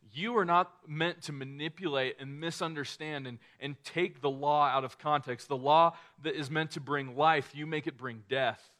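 A man's voice: a little high, fairly bright tone. A man preaching a sermon in a casual, conversational way, often restarting phrases and acting out quoted lines.

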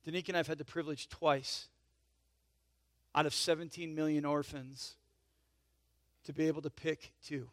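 A man preaching a sermon in a conversational way, checking in with "right?" and "okay?" and swinging from emphatic swells to soft asides. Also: fairly high pitch, fairly even intonation, normal speed, long pauses, no room sound, studio quality. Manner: emphatic swells in volume, then drops to soft intimate asides. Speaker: pastor.

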